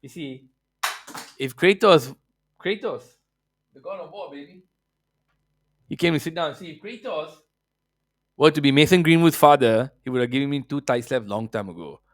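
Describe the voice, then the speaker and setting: A man's voice: fairly high pitch, expressive, moderate pace, long pauses, no room sound, studio quality. A man hosting a football podcast, ranting brashly and profanely in casual opinionated chat, slipping into mocking voices.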